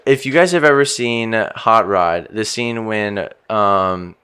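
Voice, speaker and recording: A man's voice: fairly low pitch, slow pace, sharp tone, clear, resonant tone. A man hosting a casual podcast chat, leading the talk in an upbeat way and laughing often. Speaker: podcast host.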